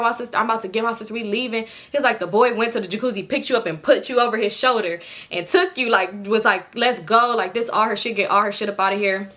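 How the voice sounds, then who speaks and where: A young woman from California telling a personal story in a casual vlog, animatedly acting out what everyone said, with lots of swearing. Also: a little high. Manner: animated retelling, voices others with expletive-laden quoted outbursts. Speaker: storytime vlogger.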